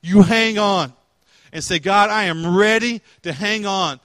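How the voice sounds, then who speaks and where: A man's voice: high-pitched, unhurried, a bit bright, no room sound. A male pastor preaching a sermon in a conversational way, asking questions and retelling scripture in everyday words.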